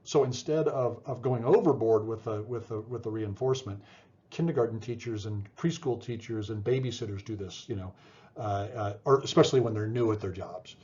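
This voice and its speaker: Middle-aged male lecturer, relaxed warm tone, chatty with restarts, lo-fi classroom recording. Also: on the low side, a little fast. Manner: conversational, many fillers and restarts, asks "right?". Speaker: psychology lecturer.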